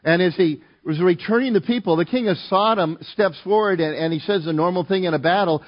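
A man's voice: sits high, brisk, few pauses. A middle-aged man preaching a sermon, telling stories in a conversational, rambling way with fillers and restarts. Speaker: pastor. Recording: dull lo-fi sound.

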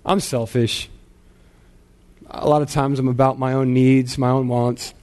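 A man's voice: mid-range voice, flat delivery, a little slow, darkish tone. A man in his thirties, a pastor, preaching a sermon in a casual, self-deprecating storytelling way with frequent repeated words.

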